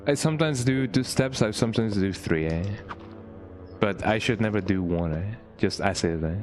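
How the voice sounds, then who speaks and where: Male streamer, low and very animated, playful casual game chatter, keeps tagging "eh?", faint music bed. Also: normal speed. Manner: tags nearly every sentence with "eh?"; playful, chats with viewers while playing. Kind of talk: casual gameplay commentary.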